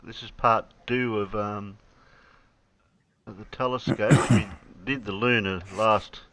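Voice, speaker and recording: A man's voice: on the low side, steady tone, slow pace, a bit bright, slight background noise. A man hosting a casual livestream chat, greeting viewers and laughing often. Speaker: livestream host. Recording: dull lo-fi mic audio.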